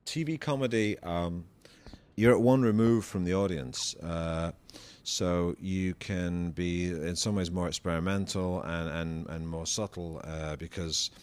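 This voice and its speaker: A male comedian answering interview questions in a thoughtful, halting way, with many restarts and repeated words. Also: low voice, fairly even intonation, a little mellow, clean tone.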